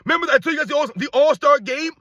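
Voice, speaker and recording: A man's voice: very high-pitched, lively intonation, very fast, pushed and bright, no room sound, dull audio. A middle-aged man delivering a heated, repetitive sports rant, talking straight to his viewers. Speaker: sports commentator. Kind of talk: ranting commentary.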